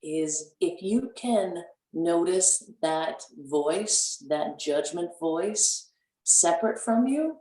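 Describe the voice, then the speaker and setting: A woman guest on a radio talk show, speaking casually and playfully, acting out inner voices with big jumps in pitch. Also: animated, drawn-out words, dark tone. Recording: echoey, distant from the mic.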